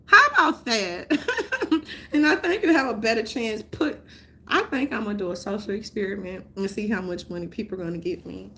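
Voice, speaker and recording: A woman vlogging in a casual, rambling rant, swearing often, laughing, and swinging between loud outbursts and mutters. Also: mid-range voice, very animated, moderate pace. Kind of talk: casual chat.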